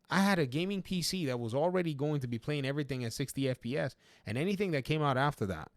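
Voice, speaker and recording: A man's voice: fairly high pitch, dry recording, studio quality. A man giving casual, chatty commentary on video games, often laughing and talking straight to his viewers. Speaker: YouTube gaming commentator.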